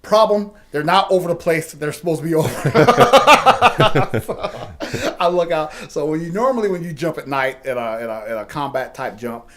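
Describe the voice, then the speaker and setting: Man, middle-aged, chatty podcast co-host; rambling anecdotes, fillers, quick laughs, voice on the higher side. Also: animated, fairly bright tone. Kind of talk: casual storytelling chat.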